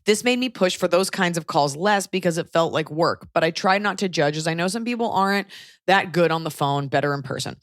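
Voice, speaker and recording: A woman's voice: on the low side, fairly quick, no room sound, clean studio sound. An American woman hosting a podcast in casual chat, reading out a listener's letter in a playful, teasing way. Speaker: podcast host.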